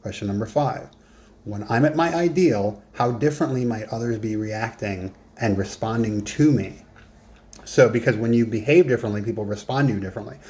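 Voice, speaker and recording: A man's voice: lowish voice, fairly quick, a little mellow. A man coaching in a casual, conversational lesson, emphatic and given to joking asides. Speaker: business and life coach.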